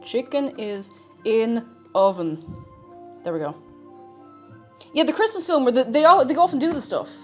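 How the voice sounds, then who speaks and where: Lively chatty Irish woman streamer. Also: on the high side, normal speed, long pauses, faint music behind. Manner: chatty and scatterbrained, hums little tunes. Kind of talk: casual live-stream chat while cooking.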